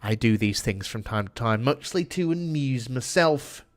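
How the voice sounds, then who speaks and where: Here's a man doing casual commentary over a game stream, chatty and cursing often in a fake British accent while responding to chat mid-play. He has a medium-pitched, expressive voice and keeps a moderate pace.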